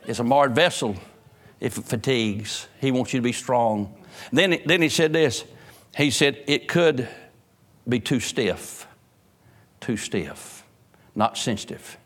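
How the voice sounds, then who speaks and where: A pastor, preaching a sermon and telling homespun stories. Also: male voice, medium pitch, measured pace. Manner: folksy storytelling preacher, rising in emphasis.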